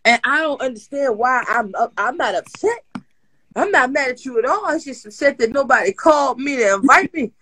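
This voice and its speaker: A woman hosting a casual chat show, telling stories loudly and bluntly with lots of swearing. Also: high voice, brisk, breathy edge, no room sound, poor audio. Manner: loud, profane, animated storytelling. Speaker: host.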